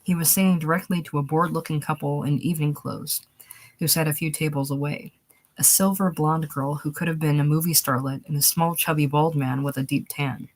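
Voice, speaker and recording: A woman narrating a short story aloud, steady, going back to fix small slips. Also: low-pitched, fairly quick. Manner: steady reading, restarts after slips. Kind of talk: audiobook reading of a short story.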